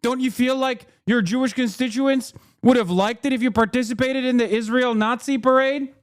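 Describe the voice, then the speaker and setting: Combative high-pitched male streamer. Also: fairly even intonation, moderate pace. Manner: combative, profane and sarcastic; heated rants to chat. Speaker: streamer host. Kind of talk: livestream political commentary.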